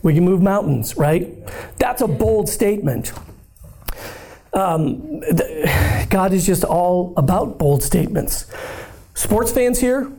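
A hoarse man giving an animated, joking sermon-style talk as a guest speaker at a church, often checking in with the room. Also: sits high, slow, long pauses. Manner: animated and conversational, often asking the room "right?"; bold, upbeat and joking. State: hoarse, voice nearly gone.

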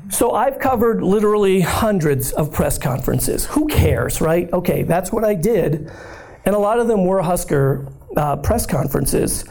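Hoarse guy giving a church talk, upbeat and chatty, mellow voice. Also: sits high, moderate pace. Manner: animated and conversational, often asking the room "right?"; bold, upbeat and joking. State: hoarse, voice nearly gone. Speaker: guest speaker at a church. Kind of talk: lively sermon-style talk.

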